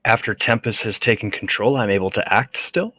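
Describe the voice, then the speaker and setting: A man's voice: fairly low pitch, brisk, pushed and bright, dry recording. A man playing in a tabletop game, making casual, rueful remarks. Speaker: player.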